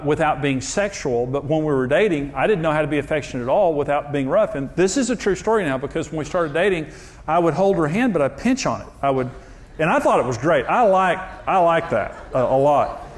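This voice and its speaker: A man's voice: a little high, lively intonation, brisk. A man preaching in a humorous, self-deprecating storytelling way, using jokes and anecdotes. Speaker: pastor.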